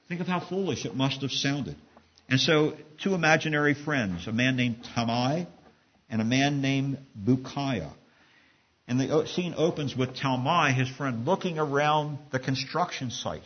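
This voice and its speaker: Husky-voiced male preacher. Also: medium pitch, muffled recording. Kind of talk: sermon storytelling.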